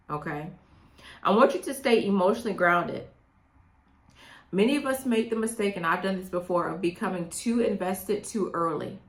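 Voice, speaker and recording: A middle-aged woman coaching women on dating in a direct, emphatic way, often checking in with "okay?". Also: lowish voice. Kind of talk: direct advice monologue. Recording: echoey room.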